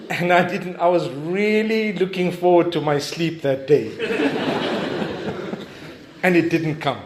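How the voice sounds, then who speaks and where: A male preacher with a high voice, telling a story to a crowd in a conversational, animated way and often turning to his listeners with asides. The sound rings with the echo of a large hall. A faint background noise runs underneath. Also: unhurried, pauses often. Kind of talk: storytelling sermon.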